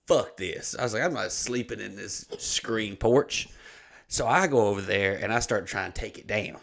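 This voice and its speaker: A man's voice: fairly low pitch, normal speed, gravelly. A man telling a rowdy story on a podcast, swearing freely and breaking into laughter. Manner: animated, swearing, bursts of laughter. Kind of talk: casual profane storytelling.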